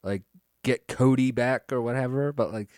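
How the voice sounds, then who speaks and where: A man co-hosting a casual wrestling podcast, animated and laughing, drawing words out for emphasis. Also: mid-range voice, normal speed, no echo, clean studio sound. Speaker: podcast co-host.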